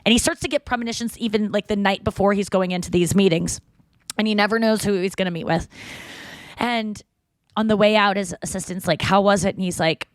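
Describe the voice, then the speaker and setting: A woman's voice: medium pitch, brisk, no echo. A woman hosting a podcast, telling a rambling story and acting out the people in it in casual chat. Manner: rambling storyteller, acts out quoted voices. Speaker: podcast host.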